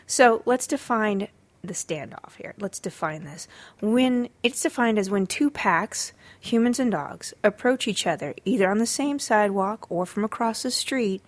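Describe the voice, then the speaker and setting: A woman's voice: mid-range voice, normal speed. A woman hosting a dog training podcast, talking casually with sarcastic asides and frequent fillers. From Los Angeles area.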